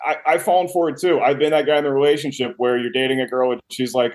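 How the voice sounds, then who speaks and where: A man guesting on a podcast as a comedian, chatting casually and telling animated stories with playful asides. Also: mid-range voice, quick pace, few pauses. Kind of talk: casual chat.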